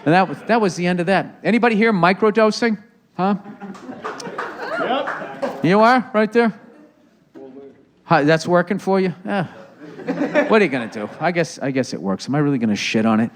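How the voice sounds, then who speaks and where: Crowd noise surrounds a man with a high, animated voice who hosts a podcast taped live as stand-up. Speaking at normal speed with frequent pauses, the comedian jokes sarcastically and profanely with the audience.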